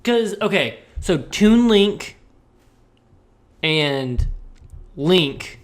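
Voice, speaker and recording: A man's voice: sits high, animated, extremely slow. A man co-hosting a casual podcast, gushing enthusiastically. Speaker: podcast co-host. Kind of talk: casual chat about video games.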